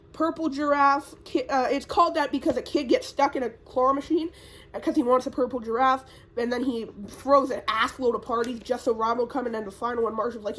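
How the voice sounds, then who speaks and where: A young woman rambling casually through a recap as a YouTuber, swearing often and filling pauses with ums and uhs. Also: high-pitched. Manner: rambling, profane, lots of fillers.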